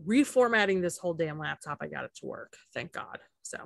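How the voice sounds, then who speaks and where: A woman's voice: deep voice, sing-song, brisk, vocal fry, fairly bright tone, no room sound. A woman co-hosting a podcast, chatting casually about a reality show, laughing often and using lots of fillers. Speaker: podcast co-host.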